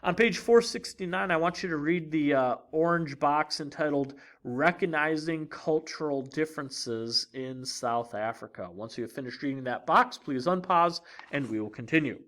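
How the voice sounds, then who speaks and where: A man teaching a recorded geography lesson in a clear, lively teacher's voice, with fillers like uh and um. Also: fairly high pitch, normal speed, few pauses.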